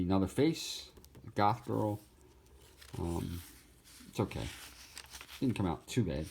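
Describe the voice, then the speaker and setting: Easygoing low-voiced man touring his sketchbook. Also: a little mellow. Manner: easygoing, laughs, jumps into goofy voices. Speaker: artist showing his sketchbook. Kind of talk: casual sketchbook tour.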